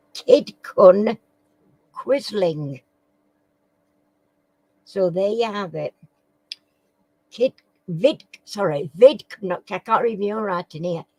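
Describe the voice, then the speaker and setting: A woman's voice: medium pitch, breathy edge, no room sound, poor audio. A woman hosts a casual live quiz. She reads questions aloud, stumbles over words, and chats with viewers by name. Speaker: live stream quiz host.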